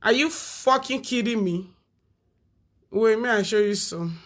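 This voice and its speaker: A woman speaking Nigerian Pidgin English, mocking and taunting in a loud, laughing, sing-song rant. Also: a little high, unhurried. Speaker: social media commentator. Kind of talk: mocking live-stream rant.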